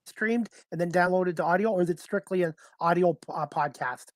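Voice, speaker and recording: Host: man, courteous and a bit halting, dry close recording. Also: sits high, no echo. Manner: polite, halting questions with "uh". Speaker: talk show host. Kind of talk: live-streamed talk show interview.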